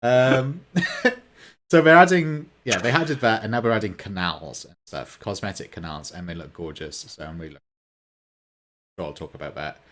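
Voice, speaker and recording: A man's voice: low voice, a little fast, bright, forceful tone. A man co-hosting a casual gaming podcast, enthusiastic and rambling, with many fillers. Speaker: podcast co-host.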